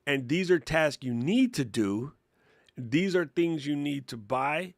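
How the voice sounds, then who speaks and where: A man in his fifties hosting a casual live-stream Q&A from his home studio, animated and laughing, swearing freely. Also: a little high, slow, gravelly, no echo. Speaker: host. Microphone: studio microphone.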